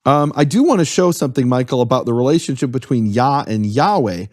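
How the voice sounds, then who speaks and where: Brisk and animated, a guest with a mid-range, darkish voice walks through Hebrew in an earnest, conversational explanation. He spells out and defines each term, and the sound is dry and close with no room sound.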